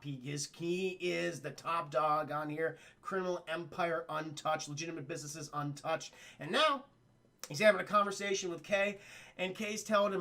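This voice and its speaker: Streamer, male, bright and fairly high voice, chatty and profane, recaps a film live to his chat. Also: vocal fry. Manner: chatty, profane, retells scenes in acted quotes. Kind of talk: casual livestream film recap talking to chat.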